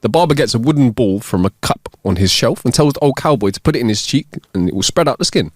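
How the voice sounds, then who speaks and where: A man co-hosting a podcast, reading jokes aloud in a steady storytelling way. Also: mid-range voice, quick pace, dry recording, clean studio sound. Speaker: podcast co-host. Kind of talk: casual joke telling.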